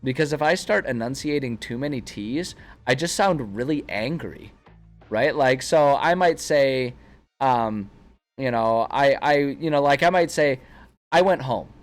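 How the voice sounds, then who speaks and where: A man in a casual stream chat, talking at an ordinary middle pitch as he drifts from one digression to another and restarts his sentences. Faint music plays quietly behind him. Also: lively intonation, unhurried. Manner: rambling, self-interrupting, chatty.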